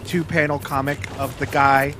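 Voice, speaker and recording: A man's voice: medium pitch, level tone, normal speed, pushed and bright. A man streaming a survival game with friends, teasing and joking in casual banter. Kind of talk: casual gaming chat. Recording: audible background noise.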